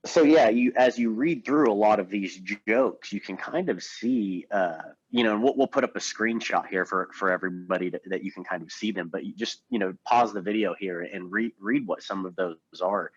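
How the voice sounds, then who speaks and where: A man co-hosting a podcast, talking earnestly about a film in a casual, halting way. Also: lowish voice, husky, dry recording, highs cut off. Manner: earnest, many restarts. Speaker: podcast co-host.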